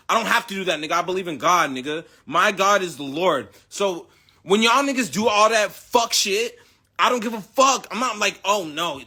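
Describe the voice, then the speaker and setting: Young guy from the states ranting, swearing a lot, rambling, kinda tense sharp tone. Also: high-pitched, slightly rough. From United States. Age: young adult. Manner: profane, rambling, heated. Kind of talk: casual rant.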